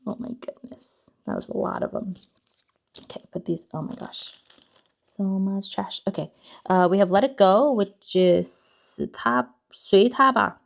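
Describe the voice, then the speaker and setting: A woman's voice: medium pitch, animated, a little slow, gravelly. A young woman hosting a casual card-opening vlog, chatty and self-deprecating, often unsure of words. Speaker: card-opening channel host.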